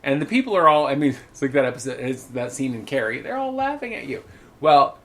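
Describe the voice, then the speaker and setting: A man co-hosting a podcast tells stories plainly and candidly, his speech sprinkled with swearing. His voice sits in an ordinary middle pitch, and his delivery is relaxed and conversational. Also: a little fast. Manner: candid, profane storytelling. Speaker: podcast co-host. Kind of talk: casual chat.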